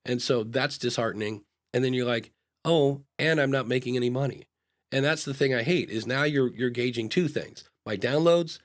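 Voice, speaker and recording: A man's voice: medium pitch, normal speed. A man co-hosting a live podcast advice show, talking frankly in a loose, casual way with fillers and restarts, and acting out short dialogues in different voices. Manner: acts out little back-and-forth dialogues in changing voices. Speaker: podcast consultant and co-host.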